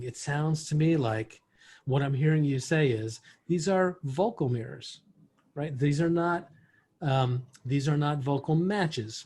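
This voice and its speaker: A man's voice: medium pitch, a little mellow. A man teaching communication skills in an online workshop, explaining with worked examples over a video call. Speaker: workshop instructor.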